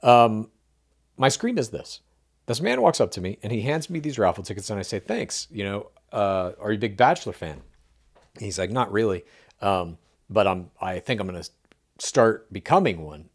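Lively low-voiced man telling a story. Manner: animated anecdote-telling, acts out quoted dialogue. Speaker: podcast co-host. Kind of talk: casual podcast chat, storytelling.

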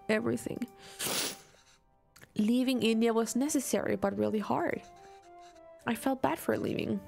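A woman reading aloud a caring immigrant mother in a game, gentle and explaining. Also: a little high, gravelly.

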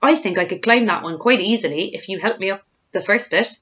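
A woman's voice: brisk, dull audio, natural voice. A woman doing an eager little boy. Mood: excited. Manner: high bright excited.

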